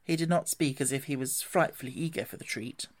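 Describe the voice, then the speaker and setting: A man reading a classic storybook aloud in an expressive, gently animated way. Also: mid-range voice, fairly quick. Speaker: narrator.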